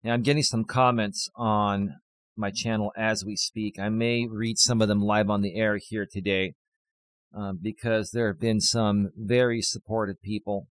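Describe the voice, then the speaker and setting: A man's voice: on the low side, flat delivery, dry recording. Guy with a cold doing a live coaching stream, bit winded, repeats stuff for emphasis, dry sound. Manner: emphatic, repeats key lines slowly. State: has a cold, a bit out of breath.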